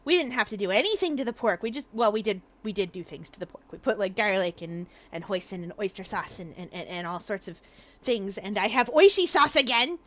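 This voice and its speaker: A woman's voice: medium pitch, fairly quick. A woman streaming a game, chatting casually while eating, with many ums and restarts. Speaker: VTuber streamer. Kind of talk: casual gaming stream chat.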